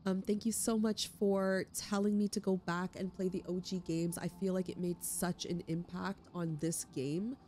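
A woman's voice: on the low side, little pitch movement, moderate pace, hardly any pauses, warm tone, a little hiss or hum. Emotional, chatty young woman gamer. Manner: emotional and enthusiastic, chatty with fillers. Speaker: let's play host. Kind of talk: gaming commentary and wrap-up.

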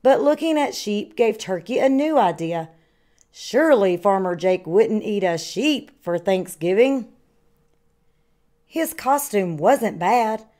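A woman kindergarten teacher reading a picture book aloud to children with slow, expressive storytelling. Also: mid-range voice. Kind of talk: children's read-aloud narration.

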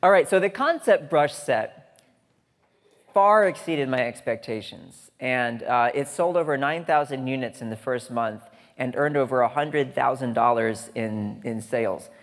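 A man gives a humorous conference talk from a large lecture hall stage, chatty and joking, tossing asides to the audience. He speaks at medium pitch and a measured pace, with hall reverb on the recording.

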